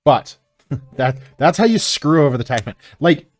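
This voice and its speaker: Profane, animated man streaming casually. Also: fairly high pitch, moderate pace, soft background music. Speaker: streamer building and painting miniatures. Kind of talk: casual live-stream chat.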